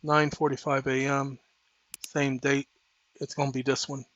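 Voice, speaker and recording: A man hosting his own channel, lecturing viewers in a preachy, insistent way that turns loud and heated. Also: medium pitch, flat delivery, a little slow, no room sound, dull audio. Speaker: host. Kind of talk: impassioned legal lecture to viewers.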